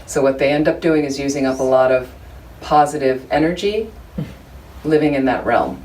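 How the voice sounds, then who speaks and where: A woman with a bass, darkish voice speaks at normal speed as she teaches a small Buddhist study group in a room. The informal dharma talk is conversational and funny, full of asides to her listeners. It was recorded from a distance, with faint background noise.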